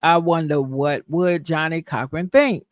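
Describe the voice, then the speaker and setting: A man's voice: a little high, unhurried, no echo. A man hosting a livestream, thinking aloud in a loose, conversational way. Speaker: livestream host. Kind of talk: live commentary.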